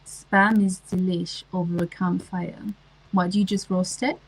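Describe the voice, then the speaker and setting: A woman's voice: fairly low pitch, level tone, a little slow, slightly rough, poor audio. A woman, chatting casually on a livestream and answering comments, with lots of ums and restarts. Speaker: livestream host.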